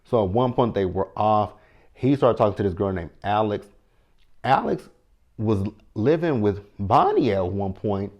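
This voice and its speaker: A man's voice: lowish voice, animated, measured pace, lo-fi sound. A man, recapping a reality show in a chatty, sassy way with mock-quoted reactions. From Texas. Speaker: TV recap host. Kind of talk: casual recap commentary.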